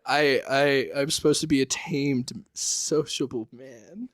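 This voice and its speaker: A man's voice: medium pitch, fairly even intonation, slow, dry recording, clean studio sound. A man co-hosting a podcast in casual chat, joking and laughing often. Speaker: podcast co-host.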